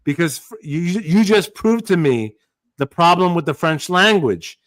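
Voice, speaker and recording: A man's voice: a little high, expressive, unhurried, fairly bright tone, no echo. A man bantering on a podcast with brash, crude, emphatic jokes. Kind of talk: casual banter.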